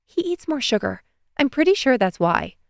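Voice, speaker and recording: A woman's voice: high-pitched, big pitch swings, normal speed, vocal fry, no echo, studio quality, voice pushed up, full character voice. A woman narrator voicing a chatty, gossipy adult friend at an outdoor evening event in an audiobook. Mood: contented.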